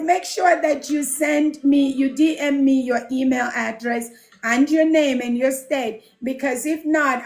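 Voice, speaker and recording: A woman hosting a casual livestream, chatting with viewers, reading out their comments and greeting them by name with plenty of laughter. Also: high-pitched. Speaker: livestream host and home care business mentor.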